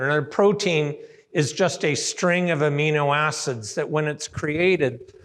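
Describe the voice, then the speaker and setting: A man from Canada giving a lively conference keynote in a large hotel hall and asking the audience questions. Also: a little high. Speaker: keynote speaker. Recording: reverberant hall.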